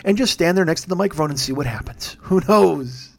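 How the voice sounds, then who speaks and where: Male comedian-host, late-night tired, yawning, profane, rambling, self-deprecating, slightly high voice. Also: lively intonation, a little fast, gravelly. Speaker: podcast host; stand-up comedian. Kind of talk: casual late-night monologue with plugs.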